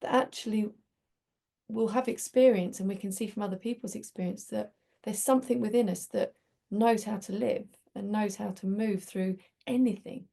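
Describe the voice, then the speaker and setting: A woman's voice: mid-range voice, steady tone, moderate pace, vocal fry, warm tone. A woman hosting a community group, talking in a chatty, reflective way and telling stories with many restarts. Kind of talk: casual reflective talk.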